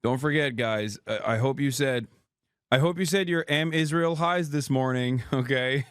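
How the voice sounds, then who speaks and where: Man, 30s, streamer host, sarcastic, profane, casual commentary, smooth resonant voice. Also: mid-range voice, normal speed, a bit bright, no room sound, studio quality. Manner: sarcastic, profane, laughs often.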